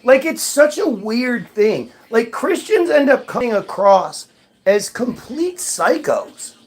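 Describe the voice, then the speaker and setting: A man's voice: very high voice, big pitch swings, slow, husky. A man in a casual ranting monologue, mocking and profane, answering chat.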